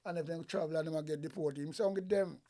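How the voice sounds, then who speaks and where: A man's voice: fairly high pitch, fairly even intonation, fast, warm tone. Heated Jamaican man ranting in patois. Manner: heated, profane, repetitive rants in patois. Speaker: commentator. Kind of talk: angry political commentary.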